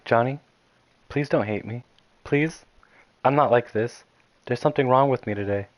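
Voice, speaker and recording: A man voicing a shy, anxious young female bookworm in a game, hushed and pleading with stammers. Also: medium pitch, moderate pace, no echo, muffled recording, lightly acted.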